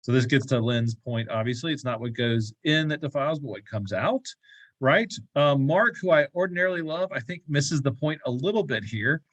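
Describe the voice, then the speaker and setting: A man's voice: medium pitch, animated, no echo, low-quality recording. A man leading a church Bible class, chatting loosely with asides, laughs and "right?" checks after reading a passage. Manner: reads scripture aloud slowly, then talks loosely with many asides. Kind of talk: casual Bible study teaching.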